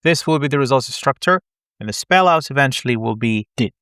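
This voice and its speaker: A man's voice: mid-range voice, lively intonation, brisk, a bit bright, smooth, dry recording, clean studio sound. A man teaching an online syntax lesson, explaining step by step with frequent self-corrections and wry asides. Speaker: linguistics lecturer.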